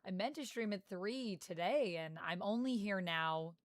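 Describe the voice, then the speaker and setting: A woman's voice: mid-range voice, measured pace, no room sound, studio quality. A young adult woman from Canada chatting casually on a livestream and greeting her viewers by name. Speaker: streamer.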